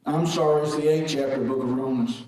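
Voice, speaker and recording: A man preaching a fervent call-and-response sermon, chanting and shouting his lines. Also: medium pitch, fairly even intonation, a little fast. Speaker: guest preacher. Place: large echoey church sanctuary. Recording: echoey sanctuary from far off. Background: congregation responding.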